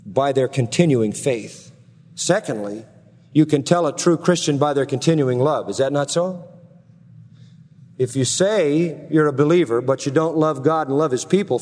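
A pastor delivering a sermon, building emphasis by rising on key words and slowing down, often asking the congregation rhetorical questions. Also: male voice, fairly high pitch, a little mellow. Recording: long hall reverb.

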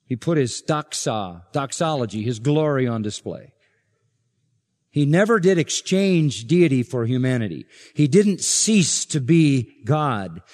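A man preaching an expository sermon as pastor, emphatic and building to forceful points. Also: mid-range voice, very animated, unhurried. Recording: long reverb of a large hall.

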